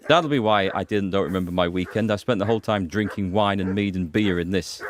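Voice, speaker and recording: A man's voice: deep voice, brisk, a little hiss or hum. A man hosting a gaming playthrough, chatting, joking and thinking aloud. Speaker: gaming host. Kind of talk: let's play commentary.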